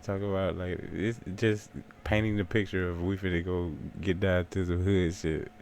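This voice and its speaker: Deep-voiced man reacting to rap. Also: level tone, moderate pace, a little mellow, slight background noise. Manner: loose, profane, talks over the track. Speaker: music reaction host. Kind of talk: casual reaction commentary. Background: faint hip hop track playing.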